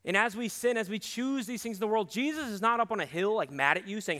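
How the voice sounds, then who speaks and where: A young man preaching a sermon to a campus ministry, earnest and emphatic, dropping low and quiet on his key points. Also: a little fast, few pauses. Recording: long hall reverb.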